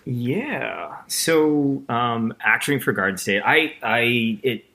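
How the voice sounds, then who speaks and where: A man's voice: mid-range voice, expressive, slow, creaky, sharp tone. A young man co-hosting a casual film chat, enthusiastic and rambling, often acting out quoted lines. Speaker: podcast co-host.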